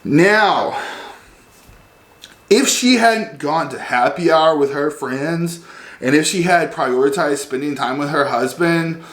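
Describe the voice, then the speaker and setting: Rambling sarcastic man ranting. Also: a little high. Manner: rambling, heavy on fillers, sarcastic. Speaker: vlogger. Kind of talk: comedic rant. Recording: roomy echo.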